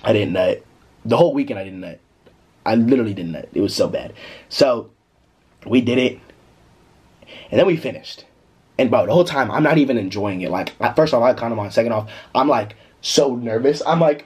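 A young man telling a story casually in a vlog, animated and slangy, breaking into laughter. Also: fairly low pitch, brisk, long pauses, slightly rough. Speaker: vlogger.

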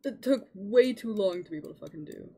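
A young adult woman streaming a game in casual chatter, excitable, rambling and swearing often. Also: medium pitch, quick pace.

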